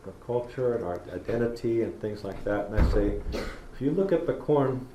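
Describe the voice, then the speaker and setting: In an echoey university lecture hall with faint background noise, a middle-aged man delivers a public talk full of folksy stories, performing how he talks to kids. He has a mid-range, expressive voice and a moderate pace.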